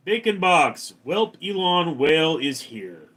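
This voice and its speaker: A man's voice: mid-range voice, measured pace. A man hosting a casual livestream, reading out commenters' names and chatting back to them. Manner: reads commenter names then answers, animated.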